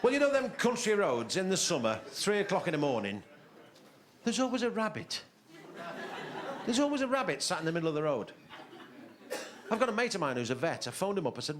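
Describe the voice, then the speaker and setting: A male stand-up comedian telling a shaggy-dog joke in quick patter. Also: on the high side, very animated.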